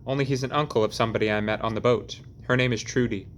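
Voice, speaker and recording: A man's voice: mid-range voice, fairly even intonation, quick pace, a little hiss or hum, close to an everyday voice. A man voicing a proud young workman who speaks earnestly and flares up when his job is doubted. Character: young, proud working lad on the wheel.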